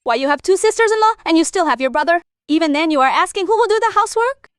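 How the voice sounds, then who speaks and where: An actress playing a defiant young wife who argues back in a family drama. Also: female voice, very high-pitched, animated, fast, no echo, clean studio sound. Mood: quarrelsome. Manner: defiant, sharp-tongued. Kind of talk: village family drama acting.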